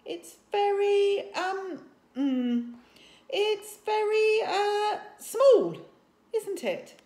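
A woman voicing a burly, blustering male Viking chief in a children's story, loud and flustered, in an echoey room. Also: extremely high pitch, big pitch swings, very slow, pitched above the performer's own voice, heavily acted.

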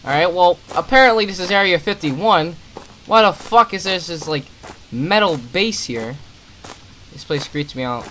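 His voice sits high, with lively intonation, a measured pace, and a bit of brightness, as this young man commentates a horror game let's play. He curses frequently and makes annoyed, sarcastic asides, and the poor audio carries a little hiss or hum.

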